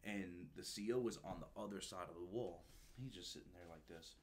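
A man telling stories from his time as a recruiter in a relaxed, animated way, peppered with slang and swearing. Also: low voice, a little fast. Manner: animated, swears freely, says "dude" and "bro" often. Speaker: guest, former Marine recruiter. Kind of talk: casual storytelling.

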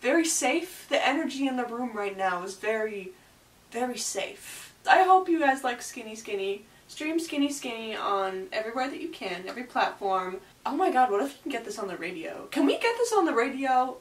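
A young woman reacting to a music video as a gushing, excitable fan in a casual vlog. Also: on the high side, normal speed, echoey room, recorded from a distance, poor audio.

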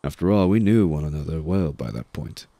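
A man narrating a first-person audiobook in a dry, measured storytelling manner. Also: extremely low pitch, expressive, mellow, no echo.

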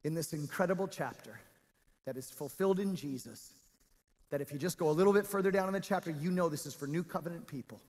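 A man's voice: fairly high pitch, darkish tone. Preaching man in a reverberant church. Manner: preaching with sung, drawn-out emphasis on scripture. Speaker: pastor. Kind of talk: sermon.

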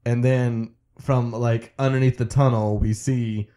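Guy on a podcast, telling the story all animated, laughing a lot, mid pitch. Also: unhurried, smooth. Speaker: podcast co-host. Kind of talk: casual movie recap chat.

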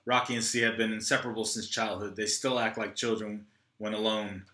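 Bright-voiced man reading a script. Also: fairly low pitch, steady tone, a little fast, echoey room. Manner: reads directions plainly, rises sharply into angry lines. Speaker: actor reading stage directions and several parts.

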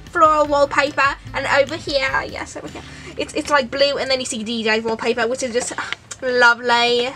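Bossy pony mom who wants her way, woman doing the voice, high bright voice. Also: little pitch movement, fairly quick, faint music behind. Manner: pushy, dismissive, self-satisfied. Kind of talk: toy fan drama voice acting.

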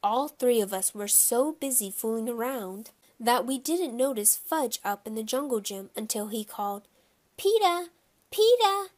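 A woman narrating a children's audiobook in a measured, storytelling first-person reading. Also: fairly high pitch, a little mellow.

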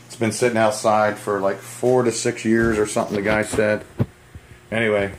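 A man's voice: lowish voice, level tone, moderate pace, slight background noise. A man vlogging from a small cluttered basement shop, out of breath and rambling, often correcting himself and apologizing. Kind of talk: casual rambling vlog.

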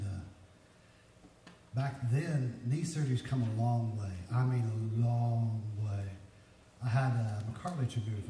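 Folksy pastor in an echoey church. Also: male voice, mid-range voice, mellow. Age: 50s. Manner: folksy, emotional, builds to emphatic peaks. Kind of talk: sermon with personal storytelling. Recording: echoey hall, distant mic, faint noise.

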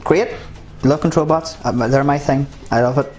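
A man's voice: fairly high pitch, fairly even intonation, normal speed, a little mellow. A man co-hosting a casual review chat, blunt and swearing, stumbling over words when worked up. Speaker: podcast co-host.

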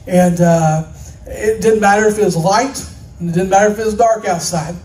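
A pastor from Oklahoma preaching a sermon in a church, moving from folksy farm stories to impassioned preaching. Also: male voice, high voice, moderate pace, darkish tone, faint music behind. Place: church sanctuary. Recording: echoey room, mic at a distance.

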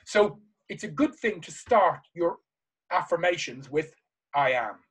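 Before a live audience, a man gives a passionate motivational seminar, leaning hard on repeated key phrases. His high voice is a bit bright and slightly rough, with lively intonation and an unhurried pace, on a rough recording.

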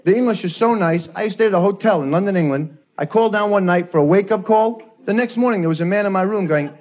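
A young man from New York doing a stand-up routine, delivering quick punchlines and slipping into silly voices. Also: high-pitched. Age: young adult. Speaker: stand-up comedian. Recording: dull lo-fi 1980s TV audio, loud hiss. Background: studio audience laughter.

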